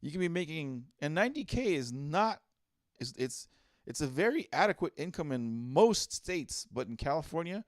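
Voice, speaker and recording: A man's voice: a little high, big pitch swings, moderate pace, no room sound, studio quality. A man co-hosting a casual comedy podcast, reading out listener posts in a laid-back way. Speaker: podcast co-host.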